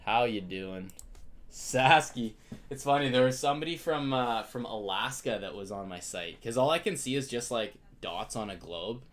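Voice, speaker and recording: A man's voice: mid-range voice, animated, moderate pace, a bit bright. A young Canadian man hosting a live card break stream, chatting casually and greeting viewers by name.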